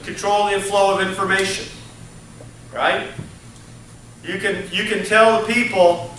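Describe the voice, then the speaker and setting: A man's voice: high voice, fairly even intonation, moderate pace, bright, forceful tone, a little hiss or hum. A male college lecturer giving a conversational classroom lecture, tagging his points with "okay?" and "right?", recorded on a distant mic in an echoey classroom. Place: lecture room.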